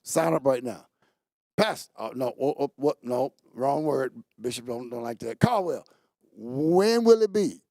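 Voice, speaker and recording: A man's voice: normal speed, gravelly, no room sound. A man hosting a church talk show, giving casual announcements in a playful way and joking with the studio crew. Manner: playful, jokes with the crew, animated pitch jumps. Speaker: pastor and show host. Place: studio set.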